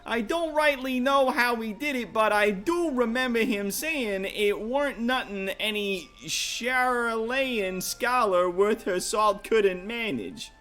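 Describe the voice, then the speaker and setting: A man's voice: very high voice, slow pace, hardly any pauses, pushed and bright, faint music behind, pitched above the performer's own voice, heavily acted. Man doing a cocky Brooklyn-Irish rogue. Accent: put-on mix of Brooklyn and Irish. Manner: slangy, swaggering, calls people love and lass. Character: rough cocky male adventurer, cheeky.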